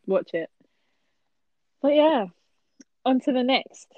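A woman's voice: high-pitched, lively intonation, slow pace, no room sound, phone-quality sound. A young woman co-hosting a film review chat, easygoing and agreeable, laughing along. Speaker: podcast co-host reviewing films. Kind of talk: casual chat.

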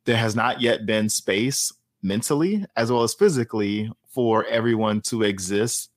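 A man taking part as a guest in a discussion, speaking in a measured, analytical way and often checking in with the listener. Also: lowish voice, no echo. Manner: measured and analytical, often ends with a "right?" tag. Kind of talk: conversational discussion.

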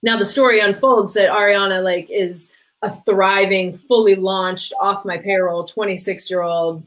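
A woman's voice: medium pitch, fairly even intonation, measured pace, fairly bright tone, low-quality recording. A middle-aged woman talking casually as a guest about parenting, chatty, with many "like" fillers, briefly acting out the people she quotes. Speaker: podcast guest, parenting coach. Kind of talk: casual conversation.

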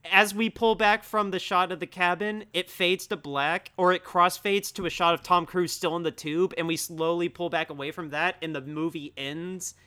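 A man's voice: sits high, fairly even intonation, moderate pace, few pauses, pushed and bright, clear, resonant tone. A young man co-hosting a casual podcast about films, rambling with lots of "like" fillers and easy laughs. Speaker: podcast co-host. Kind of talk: casual film discussion.

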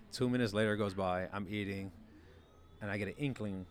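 Lively low-voiced man telling stories. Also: fairly quick. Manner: animated storyteller, acts out quotes with big jumps in pitch. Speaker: former college quarterback guest. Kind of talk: casual storytelling chat.

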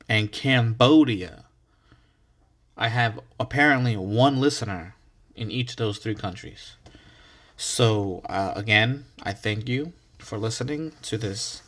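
A man's voice: on the low side, fairly bright tone. A man hosting his own podcast in a casual, rambling solo monologue, restarting words and swearing freely, hyped up on coffee. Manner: laid-back, swears casually. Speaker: podcast host.

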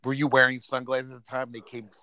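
A man with a bright, gravelly voice cracks jokes on a podcast. The sound is close and dry. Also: mid-range voice, completely flat delivery, fast, no room sound. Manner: joking, wisecracking. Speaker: podcast co-host. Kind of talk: casual chat.

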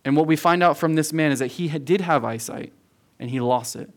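A man's voice: a little high, a little fast. A man preaching a verse-by-verse sermon as a youth pastor, earnest and emphatic, repeating phrases for stress and calling his listeners "guys". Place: room with a youth audience.

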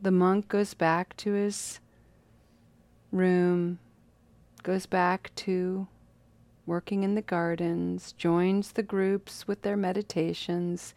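Woman storyteller, casual and playful, drawn-out phrasing, lowish voice, very slow, dry close sound. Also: flat delivery, a little mellow, dry recording.

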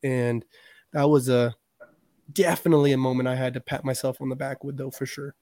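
A man's voice: mid-range voice, little pitch movement, brisk, dark tone, dry recording, clean studio sound. A man in casual chat, telling stories loosely with slang and plenty of swearing. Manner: loose, profane storytelling with slang.

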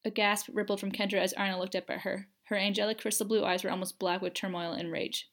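A woman narrating a fan fiction audiobook at a mid pitch, measured and expressive. She reads with steady storytelling care, letting tension build through her delivery.

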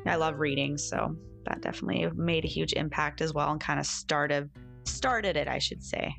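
A woman's voice: low voice, fairly even intonation, normal speed, gravelly, a bit bright, faint music behind. A woman who works as a holistic coach, speaking as an enthusiastic podcast guest. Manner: enthusiastic, self-help phrasing.

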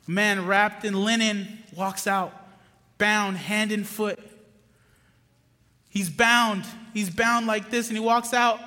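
A pastor preaching a passionate sermon in a church, moving between loud emphatic bursts and quiet asides. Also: male voice, sits high. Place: church sanctuary. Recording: long hall reverb with music underneath. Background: music playing under the preaching.

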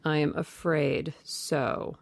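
A woman voicing a suave, worldly male aristocrat in a storybook reading, calm and measured. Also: low-pitched, gravelly, dry recording, studio quality, heavily acted. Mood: sober.

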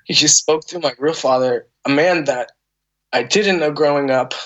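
A man's voice: a little high, moderate pace, fairly bright tone, muffled recording. A man in his thirties, a podcast guest, telling an emotional personal story in a candid, conversational way, earnest and full of restarts and fillers.

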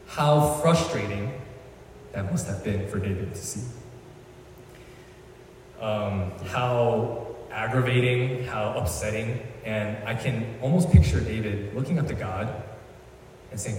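A man's voice: lowish voice, normal speed, darkish tone, slight background noise. A man giving a casual sermon as a youth pastor, chatty and slangy, retelling the story with lots of asides. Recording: echoey hall, voice from far off.

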